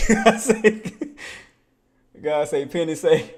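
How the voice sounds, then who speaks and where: A man giving casual live commentary on his day trading, excitable and chatty, laughing with his chat and muttering to himself while he searches his screen. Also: a little high, normal speed. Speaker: day trader streaming live.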